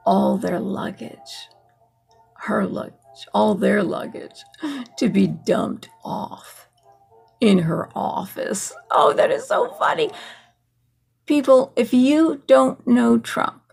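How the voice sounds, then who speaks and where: Sarcastic lady ranting about politics, super gravelly husky voice, slow talker, faint music under it. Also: mid-range voice, a little mellow. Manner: sarcastic, laughing at her own points. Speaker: political commentary vlogger. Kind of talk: casual political monologue.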